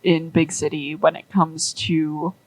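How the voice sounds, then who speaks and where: A woman's voice: deep voice, little pitch movement, slow pace, low-quality recording. A woman rambling through a story in casual chat, with lots of "like" and acted-out quotes. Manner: rambling, many "like"s, acts out quoted characters.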